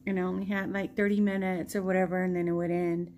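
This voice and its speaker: A woman from the United States telling a personal story in a slow, rambling vlog, laughing often, her nose stuffy from allergies. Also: on the low side, little pitch movement, a little mellow, slight background noise. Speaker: vlogger. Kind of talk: casual storytelling.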